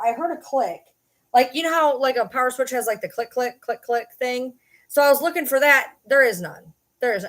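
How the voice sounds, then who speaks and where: A woman, her voice sitting a little high, holds a loose, rambling livestream chat from her desk at home. She swears freely, mocks herself and keeps breaking off to talk to her viewers and her dog. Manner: profane, rambling and self-mocking, chatting with viewers and her dog. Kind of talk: casual live-stream chat.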